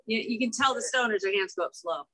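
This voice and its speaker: Heavy background noise surrounds this fairly high-pitched, quick-talking woman. She's a middle-aged Chicagoan speaking at an AA meeting in a church room to an audience, candid and self-deprecating about her recovery, tossing in "right?" often.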